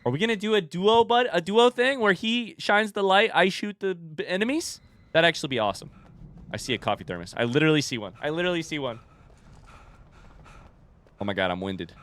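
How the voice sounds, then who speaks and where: Young male gaming streamer, quick jokes and curses, lively, bright, high-ish voice. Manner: animated, joking, swearing, talks to the game. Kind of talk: casual gaming commentary.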